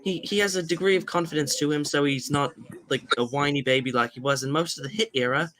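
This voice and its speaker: A man's voice: fairly high pitch, quick pace, pushed and bright, rough recording. A young man chatting casually on a game stream, rambling jokily about voice ideas. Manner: rambling, jokey, describing voice ideas.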